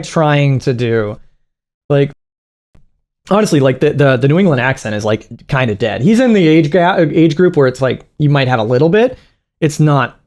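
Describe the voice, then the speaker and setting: A man hosts a reaction video in loose, casual commentary. He is sarcastic and profane, mocking whatever he is watching. His voice sits somewhat high.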